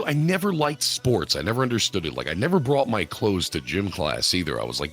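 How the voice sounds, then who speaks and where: A man's voice: low voice, wildly swooping pitch, brisk, fairly bright tone. A man from the United States co-hosting a casual live podcast, joking and swearing as he riffs playfully. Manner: joking, profane, playful improvising. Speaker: podcast co-host.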